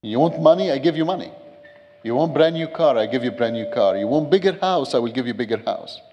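A man's voice: mid-range voice, animated, a little fast, mellow, highs cut off, lightly acted. A man voicing a big, angry prison interrogator who bargains and offers bribes, in a church hall with long reverb. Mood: bargaining.

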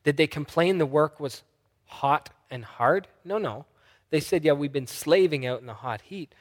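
A man preaching a sermon, telling a story with lively acted-out voices. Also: fairly high pitch, moderate pace, long reverb tail. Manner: animated storytelling, acting out voices. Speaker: pastor.

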